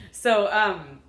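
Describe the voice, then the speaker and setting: A woman in her thirties talking casually to her vlog audience, rambling, upbeat and earnest. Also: medium pitch. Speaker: vlogger. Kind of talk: unedited casual vlog talk. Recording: echoey room.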